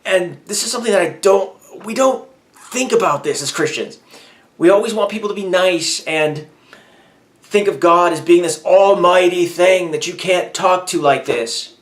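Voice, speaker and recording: A man speaks candidly into the camera in a personal vlog, with a voice pitched a little high. He vents openly and grows heated and emphatic as he goes. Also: normal speed. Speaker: vlogger.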